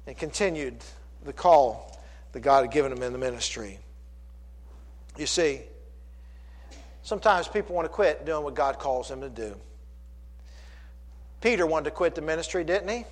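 A man preaching a sermon as pastor, animated, with sudden loud bursts and repeated words. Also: on the high side, normal speed, long pauses. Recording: long hall reverb.

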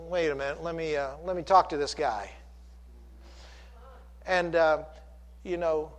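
A male preacher with a notably high voice delivers a lively sermon. He asks rhetorical questions and acts out quoted speech from the story.

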